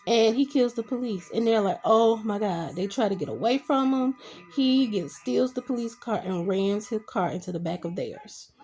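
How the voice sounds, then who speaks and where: Recapping TV episodes at a normal speed, this young adult woman speaks in a mellow voice on the high side, with slight background noise behind her. As a TV show reviewer, she chats casually and keeps adding her reactions through "I'm like" asides.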